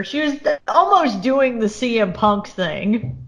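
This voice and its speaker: A woman's voice: on the high side, animated, takes it slowly, a bit bright. A woman co-hosting a podcast, talking casually in a rambling way with many restarts. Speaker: podcast co-host. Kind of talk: casual chat.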